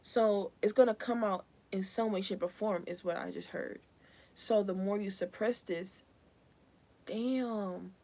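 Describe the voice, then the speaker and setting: A woman's voice: mid-range voice, measured pace, darkish tone. A young woman giving a live collective tarot reading in a casual, rambling, slangy way. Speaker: tarot reader.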